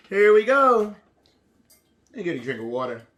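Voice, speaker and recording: A man teaching a preschool lesson, prompting the children in an animated, sing-song call and response. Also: high-pitched, slight background noise.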